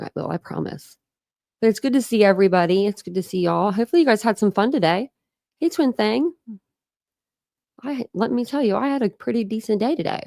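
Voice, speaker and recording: A woman's voice: mid-range voice, creaky, mellow, no room sound, clean studio sound. A woman hosting a casual true crime livestream, chatting, greeting viewers and laughing often from her home. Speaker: true crime channel host.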